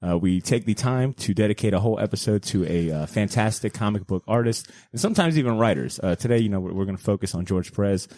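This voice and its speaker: A man's voice: fairly low pitch, animated, quick pace, few pauses, darkish tone, no echo. A man hosting a comic book podcast, joking loosely and tripping over words as he laughs. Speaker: podcast host. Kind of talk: casual chat.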